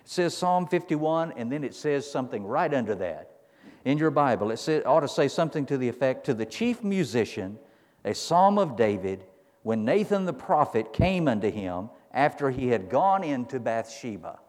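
A man preaching a sermon as pastor, retelling a story and building to loud climaxes. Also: medium pitch, very animated, moderate pace, long reverb tail.

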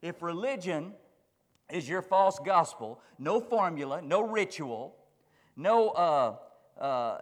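High-voiced preacher in an echoing hall. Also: male voice, animated, slow pace. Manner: emphatic preaching with building repetition. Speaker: pastor. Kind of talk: sermon.

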